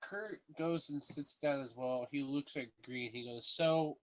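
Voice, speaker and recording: Chatty tabletop player, mid-pitched voice. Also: unhurried, very noisy. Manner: chatty, laughs often. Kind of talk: casual game chat.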